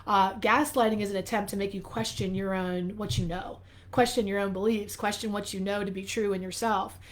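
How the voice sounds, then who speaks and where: A woman's voice: medium pitch, a little fast. A woman hosting a live video, talking candidly and animatedly to her viewers, her voice a little worn, as though she is losing it. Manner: candid, animated, swears casually. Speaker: life coach host. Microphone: phone or webcam, live stream.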